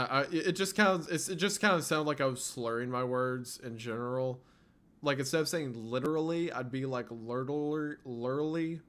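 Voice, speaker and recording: A man's voice: medium pitch, fairly bright tone. A man with a faint Southern US accent chatting casually on a livestream, rambling with small restarts. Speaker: streamer.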